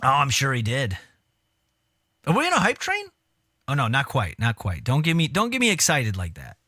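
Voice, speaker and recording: A man's voice: medium pitch, wildly swooping pitch, moderate pace, sharp tone, no room sound, studio quality. A man streaming a casual reaction commentary, talking bluntly with frequent swearing and mocking asides.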